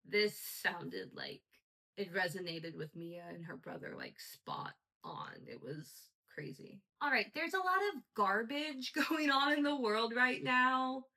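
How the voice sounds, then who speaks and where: A woman's voice: mid-range voice, pushed and bright, low-quality recording. A woman hosting a solo podcast, talking in a chatty, gossipy way with lots of "like.". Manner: chatty, gossipy, heavy use of "like". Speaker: podcast host. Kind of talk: casual solo podcast chat.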